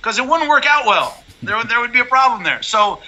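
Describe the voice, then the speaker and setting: Fast-talking bright-voiced man. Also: very high-pitched, muffled recording. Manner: blunt, animated storytelling with frequent restarts. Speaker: MMA color commentator, guest. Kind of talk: casual interview chat.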